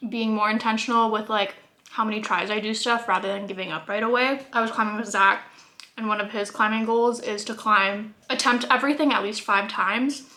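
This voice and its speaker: A woman's voice: mid-range voice, steady tone, fairly quick, pushed and bright. A young woman vlogging casually at home, chatting about her day while eating, with lots of filler words. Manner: chatty, many "like" fillers, laughs while talking. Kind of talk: casual vlog talk to camera.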